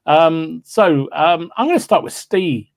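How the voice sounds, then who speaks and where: A man's voice: on the high side, expressive, measured pace, no room sound. A man hosting a casual hobby podcast stream, greeting viewers by name and laughing often, with a cold. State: has a cold. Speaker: podcast host. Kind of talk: casual livestream chat.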